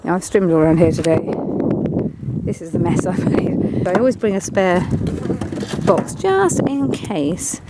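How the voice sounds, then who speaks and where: A woman's voice: fairly low pitch, expressive, a little slow. A woman beekeeper chatting bluntly and coaxing her bees while she works on a hive outdoors in the wind. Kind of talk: casual hands-on commentary while working. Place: outdoors at beehives on a windy day. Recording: loud wind and bee buzzing behind.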